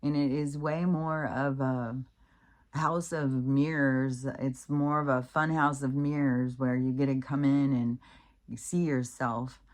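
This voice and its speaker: A middle-aged woman rambling through strange stories in a casual, animated way, laughing often and acting out what people said. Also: extremely low pitch. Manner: chatty, animated, laughs often, acts out quoted voices. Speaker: vlogger.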